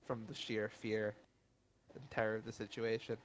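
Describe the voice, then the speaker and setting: A man's voice: on the low side, level tone, normal speed. A man narrating a tabletop game as game master, hesitant and stopping often to restart. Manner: hesitant, lots of fillers and restarts.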